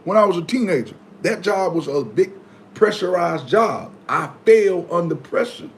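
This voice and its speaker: Middle-aged male vlogger, AAVE, chatty advice giver, animated, slightly high voice, light noise. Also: moderate pace. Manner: animated, acts out his own past reactions in high yelps. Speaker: vlogger reading viewer comments. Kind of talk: casual motivational talk.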